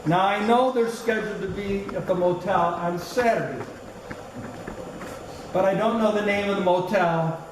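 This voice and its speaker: A man's voice: sits high, moderate pace. An older man giving a funeral eulogy as a former school colleague, telling fond stories. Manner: storytelling, fond, chuckling. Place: large hall at a funeral service. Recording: echoey hall, distant mic, noisy.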